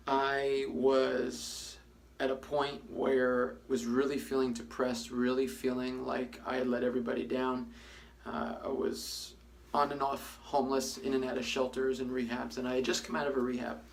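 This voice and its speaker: A man giving an earnest, reflective personal testimony, with frequent pauses and fillers. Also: mid-range voice. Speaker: testimony speaker.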